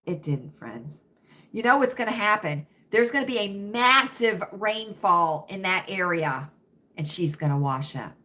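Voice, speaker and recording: A woman's voice: medium pitch, lively intonation, unhurried, sharp tone. An American woman hosting a casual livestream chat, talking dramatically to her viewers and calling them friends. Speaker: livestream host.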